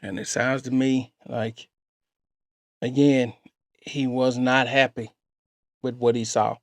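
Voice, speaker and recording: A man's voice: medium pitch, flat delivery, slow pace, dry recording. A man hosting a reaction channel, talking through a story clip and giving his own dating advice to viewers.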